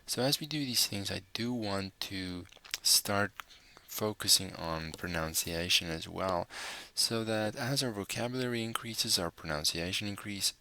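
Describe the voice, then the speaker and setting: A man teaching a recorded language lesson, patiently saying each word and repeating it slowly. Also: deep voice, bright, forceful tone. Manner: patient, spells out words slowly and repeats them.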